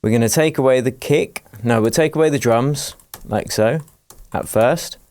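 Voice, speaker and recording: A man teaching music production in a screen-recorded tutorial, explaining each step in a relaxed, jokey way. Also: medium pitch, normal speed, no room sound. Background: faint dance music playing from his project.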